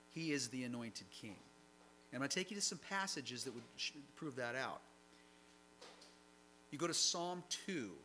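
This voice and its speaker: With a fairly high pitch and a sharp tone, a preacher reads passages of scripture aloud and then comments on them in a conversational way. The low-quality recording has slight background noise.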